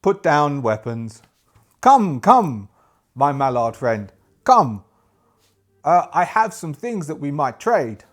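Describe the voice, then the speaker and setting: A wary male merchant, as a man puts him on, louder than the narration, speaking in short, broken phrases with a put-on drawl. The voice sits a little high for a man. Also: sing-song, takes it slowly, long pauses, exaggerated voice. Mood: coaxing. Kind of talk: solo tabletop role-play.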